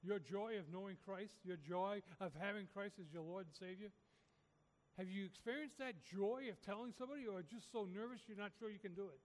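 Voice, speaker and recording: A man's voice: sits high, fairly quick, in a large hall. A man preaching a sermon, urging his listeners with repeated, rising calls. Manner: repetitive, rising exhortation.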